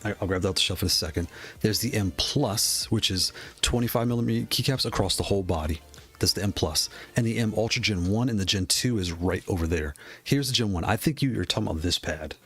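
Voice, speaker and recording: Guy from the northeast chatting on stream, lowish voice, gets hyped, faint music under it. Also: breathy edge. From Northeast United States. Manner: excitable, thinks aloud, reads chat. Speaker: streamer reviewing game controllers. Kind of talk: casual live-stream chat.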